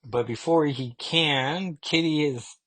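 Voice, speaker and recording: A man's voice: fairly high pitch, slow, fairly bright tone. A man casually recapping a comic book issue, rambling along with many asides. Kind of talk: casual comic review vlog.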